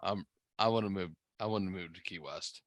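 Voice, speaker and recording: A man co-hosting a casual podcast, animated and quick to interrupt, swearing and acting mock-incredulous. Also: low voice, a little hiss or hum. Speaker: podcast co-host.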